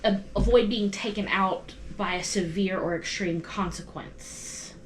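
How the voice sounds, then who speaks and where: A woman's voice: mid-range voice, a little slow, a little hiss or hum. A woman playing a tabletop game, carefully asking questions and reading rules aloud. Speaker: player.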